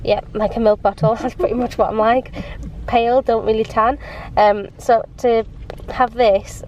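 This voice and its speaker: A woman's voice: a little high, steady tone, normal speed, a little mellow, lo-fi sound, a little hiss or hum. A woman with a cold, chatting and rambling in a casual home vlog, sniffling and giggling as she loses her train of thought. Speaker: vlogger. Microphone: handheld compact camera.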